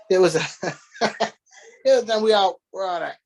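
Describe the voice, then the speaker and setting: A man who is a former wrestler, telling profane stories in a casual interview with an animated, laughing manner. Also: sits high, a little slow, creaky.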